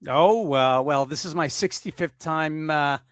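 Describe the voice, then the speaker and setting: A man's voice: on the high side, a little slow, clean tone, no room sound. A man co-presenting a webinar, jovial and playful, on a video call.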